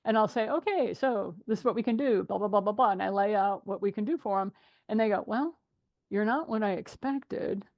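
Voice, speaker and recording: A woman's voice: medium pitch, fast talker, gravelly, dull audio. Middle-aged woman host telling stories. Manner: animated storytelling, laughs often. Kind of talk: casual group chat.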